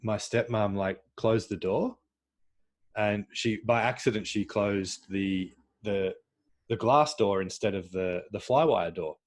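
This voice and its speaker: A man hosts a podcast in casual conversation, his voice sitting a little low. He gropes for words, stopping and restarting with frequent fillers. It comes across as an open, unpolished chat. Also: measured pace. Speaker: podcast host.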